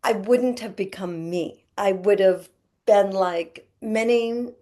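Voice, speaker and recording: A woman's voice: medium pitch, slow, dark tone. A middle-aged woman, a healer and podcast guest, telling a spiritual story in an earnest way and acting out the voices in it.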